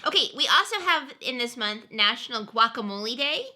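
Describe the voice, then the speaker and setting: A young woman with a very bright, ringing voice co-hosts a casual podcast. Her pitch sits a little high and swings widely as she reads through a list with upbeat energy. She laughs easily between items. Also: animated, brisk. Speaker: podcast co-host. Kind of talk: casual chat.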